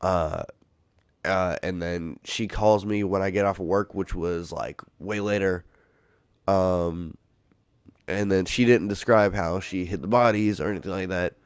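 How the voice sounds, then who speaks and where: A man's voice: low-pitched, steady tone, unhurried, clean tone, no echo, clean studio sound. A young man hosting a podcast, telling a story casually in a rambling, profane way with lots of filler words. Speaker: podcast host.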